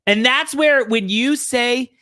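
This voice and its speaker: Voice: medium pitch, slow pace, pushed and bright. A podcast co-host in casual chat, sarcastic and profane, who mimics others mid-story. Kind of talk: casual chat recapping a reality show.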